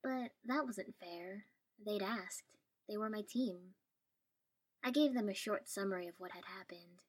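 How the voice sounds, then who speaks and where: A woman's voice: mid-range voice, unhurried, slightly rough. A woman reading a first-person story aloud in a dry, wry tone. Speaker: story reader.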